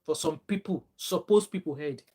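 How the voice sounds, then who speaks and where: A woman's voice: low-pitched, moderate pace, warm tone, slightly rough. Woman, Nigerian accent, young adult, casual vlog chat, Pidgin phrases, lots of restarts. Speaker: vlogger reading viewer comments.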